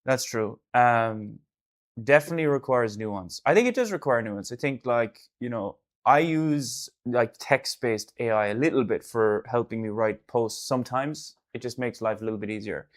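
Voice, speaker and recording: An Irish artist hosting a casual live stream, rambling loosely and breaking into sudden loud bursts now and then. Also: male voice, mid-range voice, unhurried. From Ireland.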